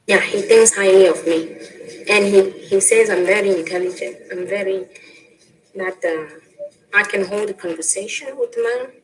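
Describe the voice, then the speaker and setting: A woman's voice: mid-range voice, normal speed, slight background noise, low-quality recording. Woman chatting away in an old clip, laughs a lot between bits. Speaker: interviewee in a played clip. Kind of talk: casual chat.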